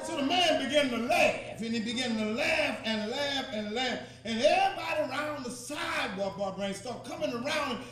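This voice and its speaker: A man preaching in a storytelling sermon, repetitive and rousing, with laughter and calls to the congregation. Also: very high voice. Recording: echoey hall, mic far off, congregation.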